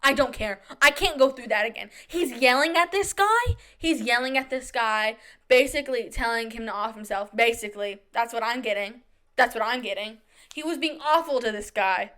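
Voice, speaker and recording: Bright high-voiced young woman podcaster. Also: fairly quick. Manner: chatty, dramatic storytelling with quoted voices. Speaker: podcast host. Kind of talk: casual solo podcast chat.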